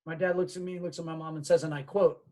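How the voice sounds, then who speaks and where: A man giving a storytelling keynote talk on diversity, lively and acting out his family's voices. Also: on the high side, quick pace. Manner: animated, acts out his parents' voices. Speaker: diversity speaker.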